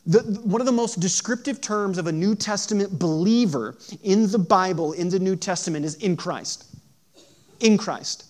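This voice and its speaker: A man preaching a sermon. He moves from hushed storytelling to loud, emphatic preaching and asks the audience questions. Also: sits high, moderate pace, few pauses. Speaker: pastor.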